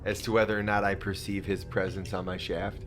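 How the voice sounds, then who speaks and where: A man's voice: low voice, level tone, fairly quick, a bit bright, faint music behind. A young man playing a tabletop game, dropping short, dry, teasing remarks. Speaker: player.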